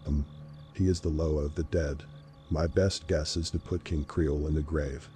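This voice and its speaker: A man voicing a calm, knowing woman who practices voodoo, speaking softly in a deep, even storybook reading. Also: faint music behind. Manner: soft, measured, thoughtful.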